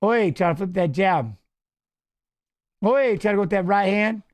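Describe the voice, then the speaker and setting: Middle-aged guy w a high voice riffing thru a fight live, yelling tips at the fighters. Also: a little slow. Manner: chatty, coaching fighters aloud, excited calls. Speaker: watch-along host. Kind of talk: casual live fight commentary.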